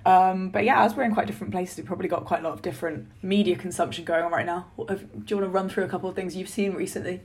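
A young woman co-hosting a podcast in a relaxed, chatty way, laughing easily and saying "like" a lot. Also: lowish voice, rapid-fire, few pauses. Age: young adult. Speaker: podcast co-host. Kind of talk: casual chat. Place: remote recording from home.

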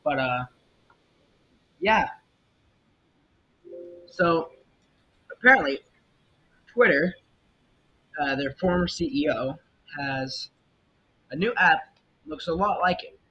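A man's voice: lively intonation, slow pace, long pauses, pushed and bright. A young man hosting a casual solo podcast, rambling and opinionated, with lots of fillers and restarts. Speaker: podcast host. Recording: muffled lo-fi mic with faint rumble. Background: faint jazz music.

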